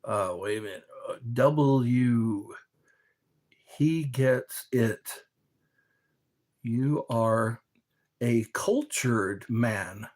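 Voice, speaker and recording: A man's voice: mid-range voice, extremely slow, pauses often, darkish tone. A man in casual chat, rambling and joking as he reads questions aloud and answers them.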